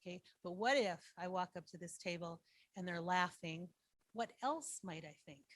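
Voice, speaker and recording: Husky-voiced woman quizzing her audience. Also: on the low side, moderate pace. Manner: teacherly, quizzes the audience with frequent "right?". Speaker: school district social worker. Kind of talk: presentation to foster parents. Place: online meeting.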